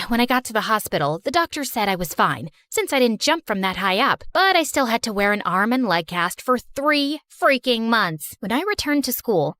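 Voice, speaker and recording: A woman narrating an animated story in a chatty, dramatic first-person way. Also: a little high, dry recording, studio quality.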